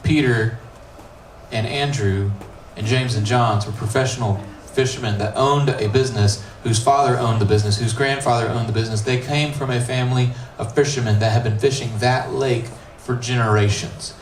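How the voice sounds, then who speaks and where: A man who is a middle school pastor gives a youth sermon, telling the story with animated, casual acted-out dialogue. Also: mid-range voice, moderate pace, slight background noise. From United States. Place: church youth room. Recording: echoey room, mic at a distance, faint ambience.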